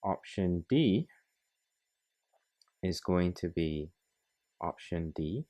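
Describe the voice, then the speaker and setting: Slow, deep-voiced man teaching code. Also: lively intonation, mellow. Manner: slow, methodical, talks through each step. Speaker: programming tutor. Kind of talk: screen-recorded coding tutorial.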